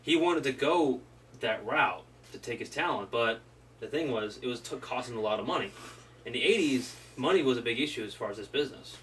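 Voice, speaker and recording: A man co-hosts a loose wrestling history chat, rambling and dropping the odd swear word. His voice sits at an ordinary pitch. He is heard from across the room over faint background noise. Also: expressive, fairly quick, a bit bright, recorded from a distance. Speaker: podcast co-host.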